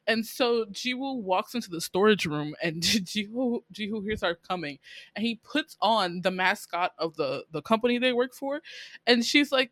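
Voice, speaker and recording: A woman's voice: medium pitch, moderate pace, no room sound. A woman in a casual chat, recapping a drama with laughter and acting out the characters' lines. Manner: chatty, animated, laughs often, acts out characters' lines. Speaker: podcast co-host.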